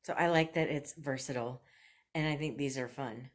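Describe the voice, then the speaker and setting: A woman with a notably low voice talks through a thrift haul and try-on as a vlogger. She is chatty and enthusiastic and laughs often. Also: normal speed.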